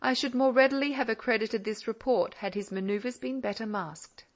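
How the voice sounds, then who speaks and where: A woman narrating a classic novel in an audiobook, measured and reflective. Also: on the high side.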